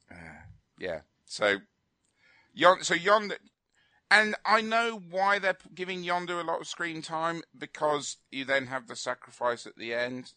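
Male radio co-host, opinionated rambler, bright tone, dry close sound. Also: on the high side, animated, slow, pauses often, no room sound. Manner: opinionated, rambling with fillers and restarts. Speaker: film review co-host. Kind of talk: casual radio chat.

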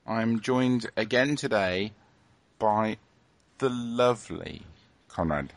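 A man's voice: fairly low pitch, slow pace, no room sound. A man hosting a casual podcast, wry and joking, rambling with fillers. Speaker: podcast host.

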